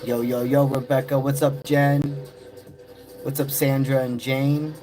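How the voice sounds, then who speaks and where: A man's voice: medium pitch, little pitch movement, a little slow. A man hosting a live-stream tarot session, greeting chat viewers by name in loose, friendly slang. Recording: music playing in the background. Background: music.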